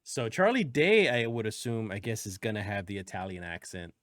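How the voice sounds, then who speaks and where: A man's voice: lowish voice, brisk, dry recording, clean studio sound. A man hosting a casual gaming news podcast, rambling and restarting as he talks things through. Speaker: podcast host.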